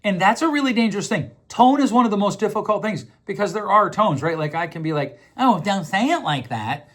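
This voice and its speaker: Conversational man, slightly high voice. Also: fast, a bit bright. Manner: conversational, repeats words while thinking, acts out quoted voices. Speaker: podcast host. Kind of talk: casual explanatory monologue.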